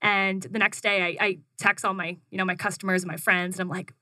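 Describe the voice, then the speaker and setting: A young woman with a bright, clear voice, recorded close in a dry space. She talks in a casual, chatty way, full of "like," and tells her story with lots of energy. When she quotes herself, her voice jumps higher. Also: brisk, few pauses, no echo. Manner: animated, acts out her own quotes in a higher voice, frequent "like". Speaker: guest, food business founder.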